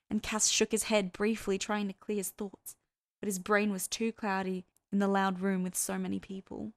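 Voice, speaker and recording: Woman storyteller, mid-pitched, dry close recording. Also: flat delivery, no room sound. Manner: measured storytelling, voicing characters. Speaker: fan fiction reader. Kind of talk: audiobook-style story narration.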